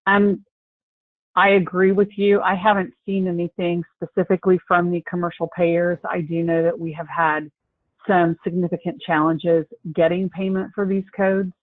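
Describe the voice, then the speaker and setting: A man consulting on healthcare coding in a webinar discussion, explaining in a measured, deliberate way. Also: sits high, level tone, no echo. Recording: tinny phone-line audio.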